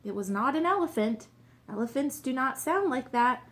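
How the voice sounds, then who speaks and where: Woman reader as a confident storybook sleuth, brisk and exclaiming, a touch high. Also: lively intonation, fairly bright tone. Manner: brisk, sure of himself, exclaims. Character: clever confident male detective. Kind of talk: storybook reading.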